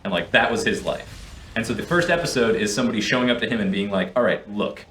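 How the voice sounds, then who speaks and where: Low-voiced young man, rambling chat. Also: fast. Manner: rambling, many restarts, animated retellings. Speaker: co-host and player. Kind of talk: casual chat while gaming. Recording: echoey room, faint noise.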